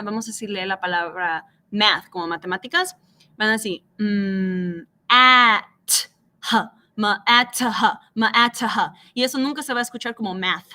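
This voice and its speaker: This bilingual phonics lesson has a woman teacher patiently modeling each letter sound aloud as she alternates English and Spanish. She speaks at a medium pitch, pushed and bright.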